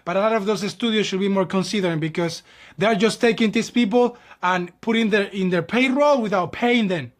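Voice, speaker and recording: A man's voice: high-pitched, a little fast. A young man, a ballet dancer from New York, chatting casually and animatedly, acting out dialogue and calling viewers "my people". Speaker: ballet dancer and channel host. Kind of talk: casual chat.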